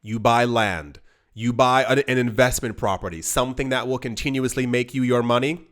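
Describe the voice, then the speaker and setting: At normal speed and in a steady, fairly bright mid-range tone, a man delivers a casual direct-to-camera monologue for his crypto investing channel. He pleads emphatically, rambling and restarting often.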